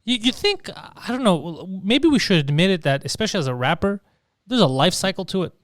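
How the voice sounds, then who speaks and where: A man's voice: high-pitched, very animated, a little fast, no echo, clean studio sound. A man co-hosting a comedy podcast, chatting casually and loosely, swearing and acting out quotes in put-on voices. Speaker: podcast co-host.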